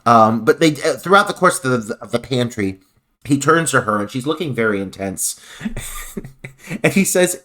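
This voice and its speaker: A man's voice: medium pitch, animated, moderate pace, fairly bright tone. A man co-hosting a film podcast who recaps scenes analytically and laughs often. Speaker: podcast co-host. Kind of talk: casual film review chat.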